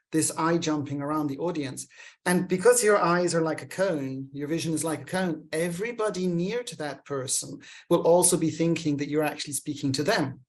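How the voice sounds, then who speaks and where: A man hosting a show, giving energetic, emphatic coaching on public speaking. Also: a little high. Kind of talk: coaching monologue.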